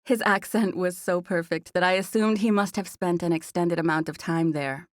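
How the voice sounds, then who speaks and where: A woman with a fairly low voice narrates a first-person romance audiobook in a smooth, even way. The recording is dry and close, with no room sound behind her. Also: normal speed, no room sound.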